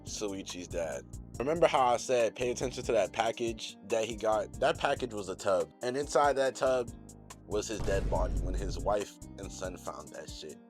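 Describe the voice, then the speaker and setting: A young man with a very low voice gives a casual, rambling recap of a show, slangy and full of swearing and fillers. Soft music plays faintly under his talk. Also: lively intonation, moderate pace. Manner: loose, slangy and profane, heavy on fillers. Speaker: channel host recapping an anime episode.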